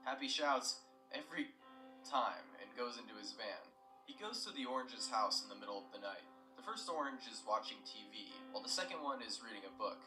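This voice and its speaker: Low-voiced young man reading a story. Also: expressive, brisk, echoey room, distant mic, over music, poor audio. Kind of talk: scripted narration.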